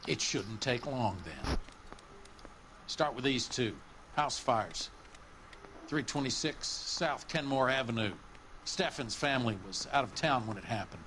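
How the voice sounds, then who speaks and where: A blunt, forceful police captain. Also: male voice, medium pitch, lively intonation, unhurried, pauses often, a little hiss or hum. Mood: commanding. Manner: blunt, commanding, threatening. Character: gruff police captain laying down the law. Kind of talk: game cutscene acting.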